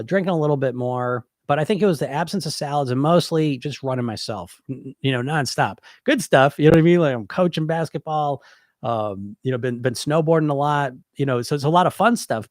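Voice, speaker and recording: A man's voice: mid-range voice, no echo, studio quality. Blunt, stuffy-voiced man coach. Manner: blunt, rambling, lots of "you know" fillers. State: stuffy from a cold. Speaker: podcast host and hypnotist weight coach. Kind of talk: casual live-stream talk answering questions.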